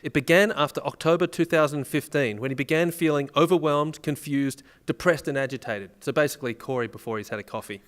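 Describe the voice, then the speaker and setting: A man's voice: a little high, brisk, hardly any pauses, fairly bright tone. A man co-hosting a comedy podcast, joking crudely and reading a news story aloud in casual banter. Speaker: podcast co-host.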